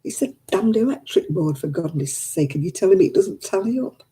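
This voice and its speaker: Grumbling older woman, lively pitch. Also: brisk, poor audio. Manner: exasperated, chatty, grumbling. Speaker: live streamer. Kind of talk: casual chat with viewers.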